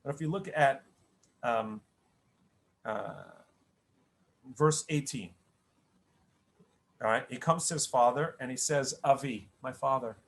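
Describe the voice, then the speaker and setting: A man's voice: mid-range voice, slow, vocal fry, pauses often, fairly bright tone. A middle-aged man, a rabbi, giving a conversational spoken Torah lesson, often restarting his sentences and checking in with "right?". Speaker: rabbi teaching the weekly Torah portion.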